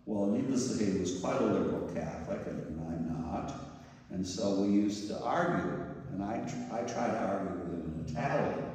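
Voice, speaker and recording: A man's voice: fairly low pitch, darkish tone. An older man, a priest, giving a mission sermon full of anecdotes and playful imitations of voices. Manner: storytelling, mimics voices and groans for humor. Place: large church. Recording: echoey church hall from far off.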